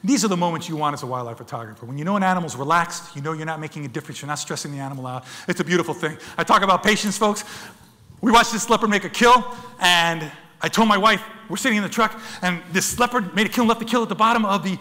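A middle-aged man giving an animated, excitable storytelling talk about wildlife photography, acting out the animals in funny voices. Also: sits high, fast talker. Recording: long reverb of a lecture hall.

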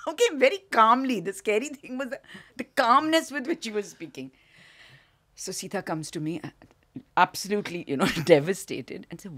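A woman's voice: mid-range voice, moderate pace. An older woman with an Indian English accent, telling a theatre story as an interview guest, acting out the voices and laughing often. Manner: animated, acts out the voices in her anecdotes, laughs often.

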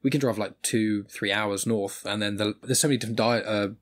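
A man's voice: fairly low pitch, fairly even intonation, fairly quick. An English man hosting a podcast, chatting casually and rambling with frequent restarts. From England. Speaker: podcast host. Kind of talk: casual chat.

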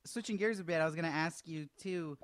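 A man's voice: fairly high pitch, fast talker, no echo. Man hosting an interview, dry sound. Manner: friendly, lots of mm and yeah backchannels. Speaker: interview host. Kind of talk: casual interview questions.

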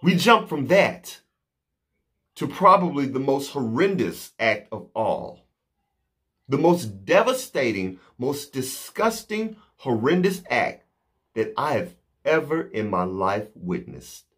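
A man delivering an impassioned, indignant monologue to camera, slow and emphatic with pauses. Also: mid-range voice, big pitch swings, a bit bright, breathy edge. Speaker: vlogger.

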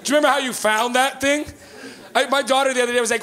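A man in his thirties from Canada doing a stand-up comedy set in a club, telling stories in a profane, animated way. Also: very high voice, rapid-fire. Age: 30s. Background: live audience laughter.

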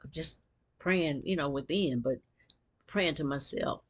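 A woman with a low, husky voice tells a personal story straight to camera. She is animated and slips into the voices of the people she quotes. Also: unhurried. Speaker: vlogger.

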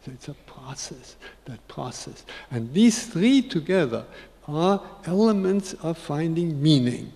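A man in his eighties gives an unhurried, reflective spiritual talk to an audience, repeating key phrases for emphasis. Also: fairly high pitch, expressive, vocal fry, dark tone. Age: 80s. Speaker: spiritual speaker. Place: large conference hall. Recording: long reverb of a big hall.

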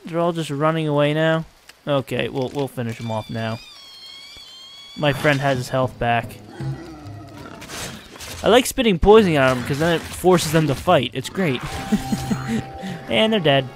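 Excitable man doing gameplay commentary. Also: on the high side, faint music behind. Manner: excitable, exasperated, quick to laugh. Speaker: let's play host.

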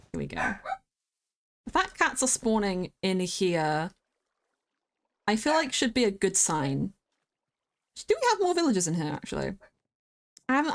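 In a voice on the high side, a woman streamer gives casual, chatty commentary on her gameplay. She gets excited quickly and squeals at the animals she encounters.

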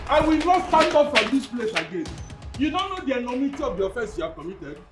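Blustering nigerian chief husband, mocks and goes "eh?" a lot, high animated voice, heard from a distance with soft music behind. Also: male voice, quick pace. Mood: indignant. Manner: mocking, blustering, repeats "eh?". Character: boastful, philandering middle-aged husband chief. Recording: distant mic with faint film music.

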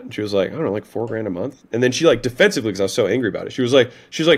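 A male podcast guest tells a story in loose, conversational speech. He is animated, leans on "like" and "right?", and swears now and then. His voice sits at an ordinary, middling pitch. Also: rapid-fire, slightly rough. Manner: animated retelling, frequent "like" and "right?", occasional swearing. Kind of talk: casual storytelling in an interview.

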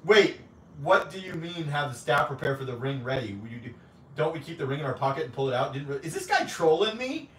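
A man's voice: a little high, sing-song, quick pace, fairly bright tone, far from the mic. Joking, foul-mouthed man streaming live. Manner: profane, teasing, jokey banter with frequent laughter. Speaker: livestream host. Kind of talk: casual livestream chat reading viewer comments. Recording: roomy echo, off-mic, faint background hum.

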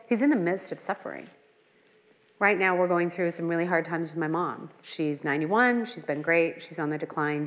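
A middle-aged woman leading a women's Bible study in a conversational teaching style, earnest and full of personal asides and rhetorical questions. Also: low voice. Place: church hall. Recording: long hall reverb.

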